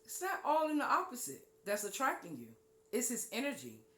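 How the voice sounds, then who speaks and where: A woman hosting a spiritual talk show. She gives an animated teaching monologue, drops low and quiet on key points, and acts out listeners' voices. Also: fairly quick, echoey room.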